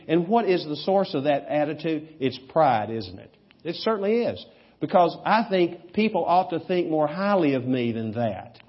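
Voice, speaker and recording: Man, pastor, sermon, husky, humorous storytelling, loud emphatic bursts, muffled recording. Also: fairly high pitch.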